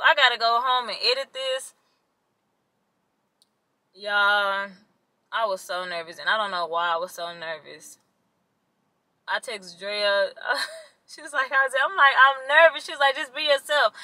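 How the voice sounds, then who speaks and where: A woman's voice: high-pitched, sharp tone, dry recording, rough recording. A young woman, chatting casually to the camera in a vlog and complaining to her viewers. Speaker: vlogger.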